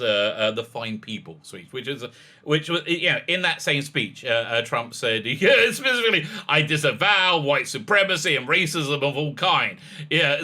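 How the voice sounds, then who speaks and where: Rabbi commentator, male, very bright edgy tone, stop-start delivery that climbs into pointed challenges. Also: mid-range voice. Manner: halting, many restarts, emphatic rising challenges. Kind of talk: argumentative political commentary.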